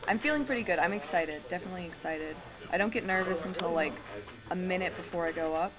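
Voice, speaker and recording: Young woman, lowish voice, chill and kinda hesitant, just chatting backstage. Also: quick pace, poor audio. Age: young adult. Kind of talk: casual backstage chat.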